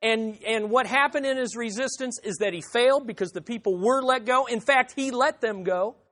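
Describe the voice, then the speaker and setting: A man's voice: extremely high pitch, normal speed, fairly bright tone. A man preaching an expository sermon, emphatic, repeating phrases and acting out the objections he quotes. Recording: reverberant hall.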